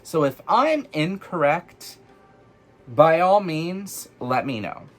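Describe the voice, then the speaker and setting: A man casually telling personal stories in an animated, chatty way, full of fillers, for his witchcraft vlog. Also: fairly high pitch, takes it slowly, soft background music. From United States. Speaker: witchcraft vlogger.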